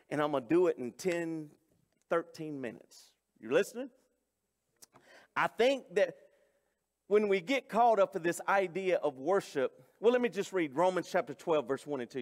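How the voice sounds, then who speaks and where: A man preaching a sermon, talking in a folksy, conversational way straight to his congregation. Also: fairly high pitch. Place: church sanctuary. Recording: long church hall reverb.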